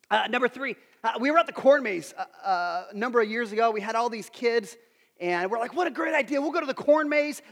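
A man's voice: sits high, a bit bright, in a large hall. A man in his thirties preaching a sermon, telling self-deprecating stories and putting questions to his audience. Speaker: pastor.

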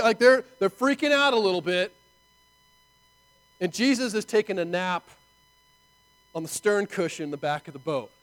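A man preaching a sermon in an animated, conversational way, full of rhetorical asides to his listeners. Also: high-pitched, normal speed, smooth, low-quality recording. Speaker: pastor.

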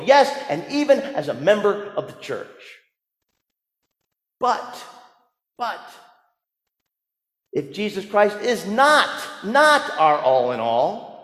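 Man preaching in an echoing church. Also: high-pitched. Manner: storytelling preacher, swings from hushed asides to emphatic lines. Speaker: pastor. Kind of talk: sermon.

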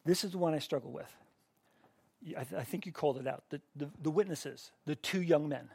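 A man's voice: a little high, fairly quick, vocal fry, darkish tone, husky, dry recording. A middle-aged man teaching a Bible class in a conversational way, asking the students questions and often restarting his sentences.

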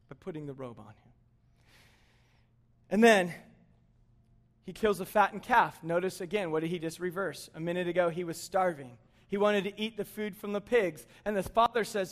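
A man's voice: high-pitched, normal speed. A man preaching a sermon, acting out the characters he quotes and joking with the congregation. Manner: animated, acts out quoted characters, jokes with the congregation. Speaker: pastor.

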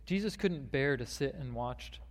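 Male pastor, mid pitch, sermon delivery, long reverb of a big room. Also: expressive, a little slow. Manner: reads a long quoted passage aloud, with fillers and restarts.

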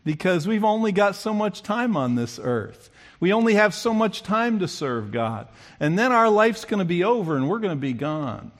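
A man preaching a sermon who acts out the quoted speakers with big swings in pitch and loudness. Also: big pitch swings, normal speed.

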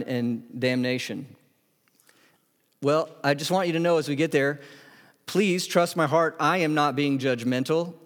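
A man in his thirties preaching a sermon as pastor, conversational and animated, with asides and acted-out quotes. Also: a little high. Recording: echoey hall.

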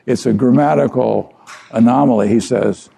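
An older man, a pastor delivering an earnest, conversational sermon with a gravelly voice and repeated phrases. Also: mid-range voice, moderate pace, warm tone.

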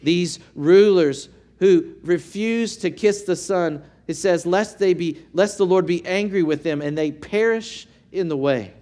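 A man delivers a sermon in an unhurried, deliberate way, letting each phrase land. His voice sits a little high for a man, and he leans on rhetorical questions to draw his listeners in. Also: dark tone. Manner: earnest, measured preaching with rhetorical questions. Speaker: pastor.

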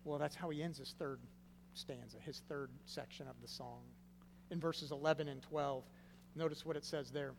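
A man preaching a sermon, stressing key words loudly and then dropping to a hushed, low delivery. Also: steady tone, normal speed, creaky. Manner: swings from loud emphatic stresses to hushed low phrases. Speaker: pastor. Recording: long reverb with faint hum.

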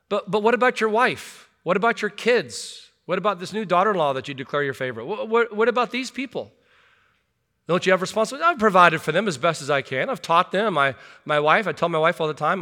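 Middle-aged male pastor delivering a sermon, high and bright, earnest with wry asides. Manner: earnest, rhetorical questions, self-deprecating asides. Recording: long hall reverb.

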